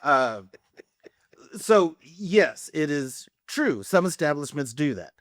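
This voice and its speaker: A man co-hosting a casual podcast, telling animated stories about waiting tables and laughing often. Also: a little high, slow pace, no echo, studio quality. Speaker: podcast co-host. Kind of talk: casual chat.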